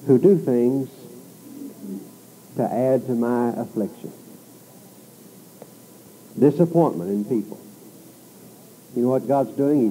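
A man's voice: lowish voice, mellow, slight background noise, rough recording. A man preaching an expository sermon, reading scripture with rising emphasis and turning to the listeners with conversational asides and rhetorical questions.

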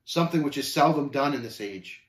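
A man reading aloud and voicing a sober, measured male pilgrim who speaks with quiet knowing. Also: mid-range voice, steady tone, reverberant, close to an everyday voice. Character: grave, wise older male Christian companion.

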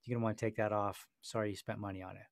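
A man voicing a calm, polite male police officer who talks in a relaxed, friendly way. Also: rapid-fire, gravelly, dry recording, studio quality. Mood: laid-back. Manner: relaxed, friendly, low-key.

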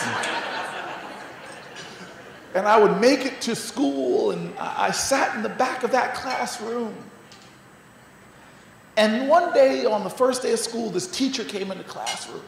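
A man's voice: very high voice, expressive, unhurried, long pauses. A man giving an inspirational gala speech from a podium, stumbling over repeated words and building to rousing refrains. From United States. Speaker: mayor, gala speaker. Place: large banquet hall. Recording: echoey hall, faint noise.

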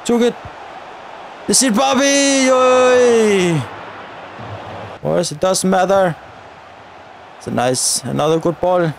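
A high-pitched man talks through his football video game, slow and deliberate between bursts of shouting at his players and the referee. A faint hiss sits under the recording. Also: lively intonation, vocal fry. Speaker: gaming YouTuber. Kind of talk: live gameplay commentary.

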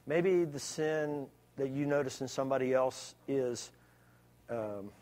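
A man delivering a church sermon at an ordinary mid-range pitch. He talks to the congregation in a plain, conversational way. At times he turns emphatic and loud. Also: a little slow. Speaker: preacher.

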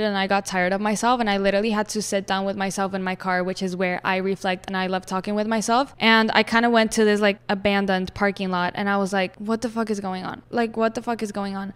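A woman's voice: medium pitch, smooth. A woman podcast host in her twenties telling a personal story in a candid, emphatic way, often repeating phrases and swearing casually. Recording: long reverb.

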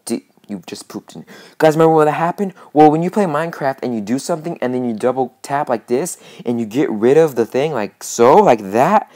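A woman giving let's-play commentary, excitable and casually swearing, with lots of repeated phrases. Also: very deep voice, fairly quick. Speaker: gaming channel host.

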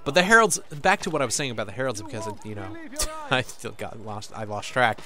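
A man's voice: medium pitch, wildly swooping pitch, fairly quick, bright, forceful tone. A man giving loose, sarcastic gameplay commentary with frequent swearing. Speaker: let's play gamer.

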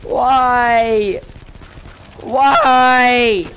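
A young woman commenting on her gameplay, frustrated, ranting and yelling at the game. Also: a little high, fairly even intonation, drawn-out words, a little hiss or hum. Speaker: gamer.

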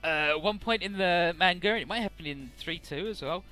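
A man's voice: sits high, a little fast, sharp tone, soft background music. A man casually recapping a game's story, chatty, with many filler words and the odd swear. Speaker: let's play narrator.

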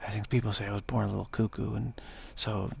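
A man voicing a meek saintly woman who plays a helpless little girl, apologetic and halting. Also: lowish voice, little pitch movement, creaky, a little hiss or hum.

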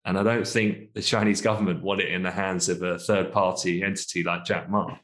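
A man co-hosting a finance podcast, talking in a relaxed, chatty way and asking tag questions like "isn't it?". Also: low voice, brisk. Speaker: co-host, markets commentator. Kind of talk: casual podcast discussion.

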